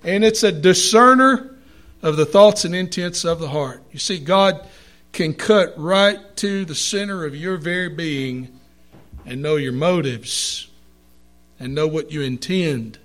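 A man preaching a sermon to a congregation, reading scripture aloud and stressing words with slow emphasis. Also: on the high side, fairly bright tone.

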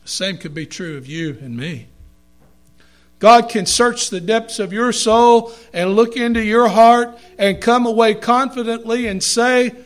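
A man preaching a sermon to a congregation, reading scripture aloud and stressing words with slow emphasis. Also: extremely high pitch.

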